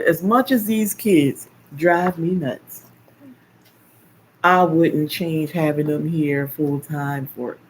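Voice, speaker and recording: A woman's voice: sits low, a little hiss or hum. Chatty older woman telling stories. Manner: chatty, animated storytelling with playful teasing. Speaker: live stream host, caregiver. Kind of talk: casual chat.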